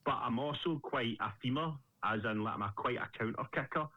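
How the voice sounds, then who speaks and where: A man's voice: mid-range voice, a little fast, no echo, lo-fi sound. A young Scottish man, a Muay Thai fighter, chatting casually as a guest and swearing freely. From Scotland. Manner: animated storyteller, swears freely. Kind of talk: casual interview chat.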